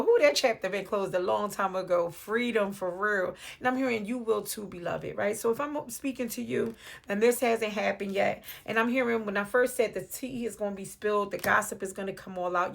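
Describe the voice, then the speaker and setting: A woman's voice: medium pitch, brisk, creaky. A woman with a New York accent giving a casual, playful tarot reading to camera, calling the viewer "beloved". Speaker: tarot reader. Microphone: phone or webcam on video.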